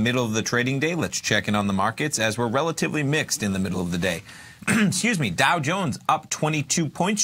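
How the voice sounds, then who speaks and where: A man hosting a live market news update, reading prices in brisk, casual broadcaster patter with a dry sarcastic edge. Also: mid-range voice, bright, forceful tone, slightly rough.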